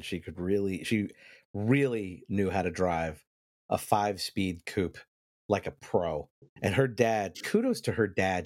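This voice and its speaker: Guy swearing and joking, lively voice, dry close sound. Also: low-pitched, no room sound. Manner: profane, animated banter. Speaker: podcast co-host. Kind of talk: casual chat.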